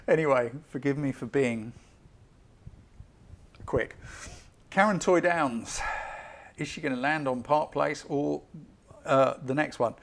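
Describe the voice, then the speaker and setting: A man giving a live-streamed photo critique as a photography tutor, chatty and enthusiastic, hurrying along with quick apologies. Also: medium pitch, lively intonation.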